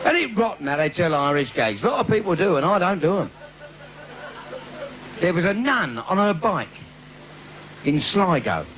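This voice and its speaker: Male stand-up, London accent, bawdy crowd banter, fairly high and animated, 1980s live tape hiss. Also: moderate pace, long pauses. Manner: cheeky, bawdy banter with the crowd, laughing at his own jokes. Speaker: stand-up comedian. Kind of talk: live comedy club routine. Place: live theatre with audience. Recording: noisy 1980s live video.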